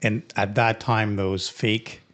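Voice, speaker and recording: A man co-hosting a podcast, relaxed, recounting an old prank with lively quoted dialogue. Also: fairly low pitch, slow pace. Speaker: podcast co-host. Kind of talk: casual storytelling among friends.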